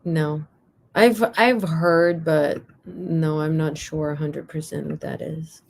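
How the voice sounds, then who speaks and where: A woman from Belgium joins a livestream by video call and chats casually. She often hesitates and restarts her sentences, speaking in a somewhat low voice. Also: fairly even intonation, slow pace, darkish tone, a little hiss or hum. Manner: hesitant, many fillers and restarts. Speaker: livestream guest. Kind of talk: casual chat.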